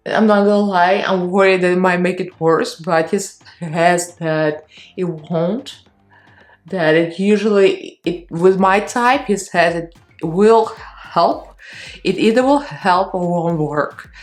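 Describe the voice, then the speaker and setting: A woman's voice: fairly low pitch, takes it slowly, faint music behind. A woman in her thirties, a beauty vlogger and fitness instructor, talking in a rambling, candid way with a strained, shaky voice at her beauty desk at home. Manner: rambling, candid, laughs between phrases. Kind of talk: chatty get-ready-with-me vlog.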